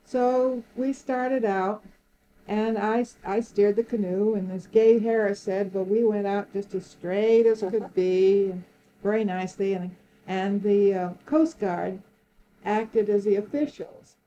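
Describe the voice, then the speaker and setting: Older woman, mellow voice, lively storyteller. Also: mid-range voice, slow, highs cut off. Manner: lively storyteller, laughs often, acts out quoted speech. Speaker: interviewee. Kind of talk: oral history reminiscence.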